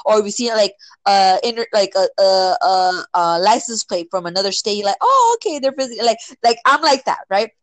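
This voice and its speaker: A woman casually telling a personal story, filling it with "like" and "right?" and acting out quotes with sudden jumps in pitch. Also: moderate pace, few pauses, no room sound, low-quality recording. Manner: filler-heavy, many "like" and "right?".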